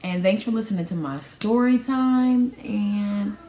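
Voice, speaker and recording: A woman's voice: medium pitch, a little slow, a little hiss or hum. Slangy young woman in echoey room. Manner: animated, slangy, acts out quoted dialogue. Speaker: vlogger telling a personal story. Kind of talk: casual storytime. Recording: roomy echo.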